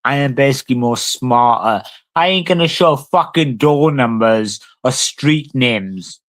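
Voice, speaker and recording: A man's voice: mid-range voice, expressive, a little slow. A man, talking casually and swearing a lot as he answers a live stream chat. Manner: brash, sweary, talks back to chat. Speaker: livestreamer.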